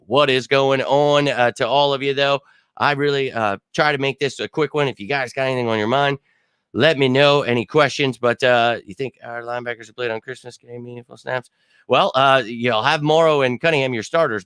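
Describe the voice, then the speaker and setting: A man's voice: mid-range voice, a bit bright, smooth, no echo. Rambling man on a dry close mic. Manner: rambling, exasperated, filler-heavy. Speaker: sports podcast host. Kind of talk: casual live-stream commentary.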